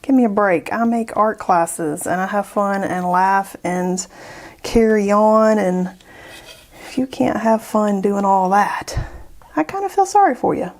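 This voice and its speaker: A woman's voice: medium pitch, fairly even intonation, takes it slowly. A woman making an art vlog, chatting and joking as she paints, laughing often and easily. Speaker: art YouTuber.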